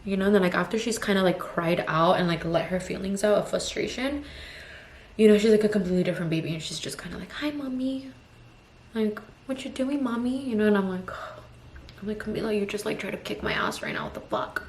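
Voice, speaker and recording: Very animated and quick, her mid-range voice comes through with slight background noise. This twenties vlogger and mom of two toddlers vents candidly in a rambling get-ready-with-me chat crammed with "like" and "you know," in a roomy, echoey space with faint ambience.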